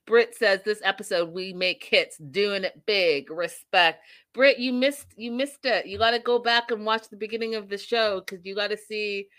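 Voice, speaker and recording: A young woman hosting a casual live stream, recapping a reality show in a bubbly, giggly, animated way. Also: mid-range voice, measured pace.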